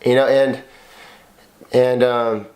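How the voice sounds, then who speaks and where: Man in his thirties, medium-pitched voice, blunt and profane, emotional confessional podcast talk. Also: little pitch movement, takes it slowly, darkish tone. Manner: emotional and blunt, swears often, repeats himself. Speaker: podcast co-host, husband.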